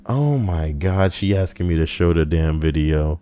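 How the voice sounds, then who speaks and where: Young male livestream host with a low voice, loose and profane, riffs on chat messages. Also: slow pace, few pauses. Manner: profane, rambling, laughs at his own stories. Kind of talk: casual reaction stream chat.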